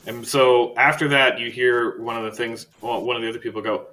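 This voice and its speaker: A man narrating a tabletop role-playing game as game master, casual and halting, with many fillers. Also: mid-range voice, flat delivery, pushed and bright, low-quality recording.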